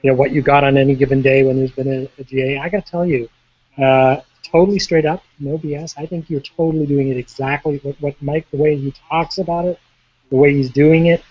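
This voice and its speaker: A man's voice: fairly high pitch, steady tone, fairly quick, no room sound, lo-fi sound. A man speaking as a panelist in a casual discussion, stammering and restarting sentences over a remote call.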